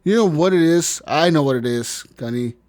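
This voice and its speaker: A man's voice: on the high side, expressive, normal speed, a little mellow. Profane, ranting gaming podcast man. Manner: profane, joking rants. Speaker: podcast co-host. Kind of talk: casual gaming podcast chat.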